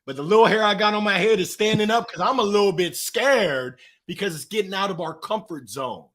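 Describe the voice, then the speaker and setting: High, bright-voiced energetic man. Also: fairly quick. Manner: energetic, preachy, slangy storytelling. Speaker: guest, author. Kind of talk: motivational interview talk.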